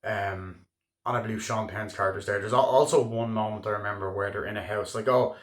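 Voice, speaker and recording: A man's voice: on the low side, steady tone, a little fast. Man, chatty film review, lots of fillers and swearing, roomy echo. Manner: loose and chatty, heavy on filler words, swears freely. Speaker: movie reviewer. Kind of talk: casual spoken film review. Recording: echoey room.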